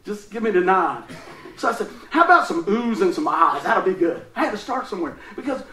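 A man's voice: high voice, very animated, brisk, pushed and bright, echoey room, far from the mic, slight background noise, poor audio. A man preaching a casual, folksy sermon, telling stories and laughing often.

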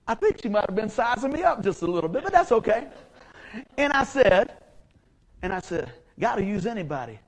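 A middle-aged pastor delivers a sermon in a fairly high voice. He talks in a folksy, storytelling way and swings between soft, confiding asides and loud, excited outbursts. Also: low-quality recording.

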